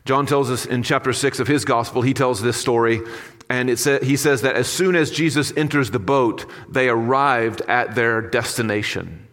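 A man's voice: medium pitch, normal speed, a bit bright, big-room sound. A man preaching a sermon in an earnest, conversational way with casual asides. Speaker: pastor.

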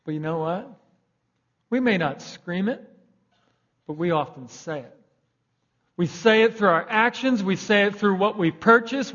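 A young man preaching a sermon in a conversational way, raising his voice for emphasis. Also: high voice. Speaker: pastor. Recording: dull lo-fi recording.

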